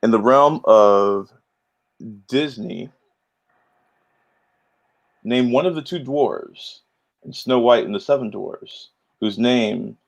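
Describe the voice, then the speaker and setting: Gravelly upbeat male trivia host. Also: mid-range voice, slow pace, long pauses. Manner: chatty, upbeat, announcer-style hype with many fillers. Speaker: trivia game show host. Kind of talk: casual livestream hosting.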